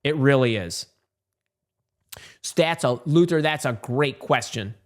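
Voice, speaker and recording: A man's voice: mid-range voice, lively intonation, unhurried. A career coach, a man, giving emphatic advice and repeating words for stress. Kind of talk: emphatic advice talk to camera.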